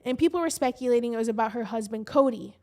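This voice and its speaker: A woman with a Midwestern American accent talks in a fairly high voice. She co-hosts a podcast and tells stories in a loose, rambling way, full of fillers and swearing. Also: fast talker, a little mellow. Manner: swears freely, rambling storytelling with lots of fillers. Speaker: podcast co-host. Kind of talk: casual chat.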